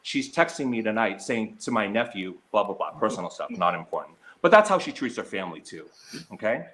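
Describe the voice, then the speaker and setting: A man's voice: fairly low pitch, sing-song, a little fast, fairly bright tone. A middle-aged man vlogging an angry personal callout, heated and indignant as he reads text messages aloud. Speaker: slots vlogger.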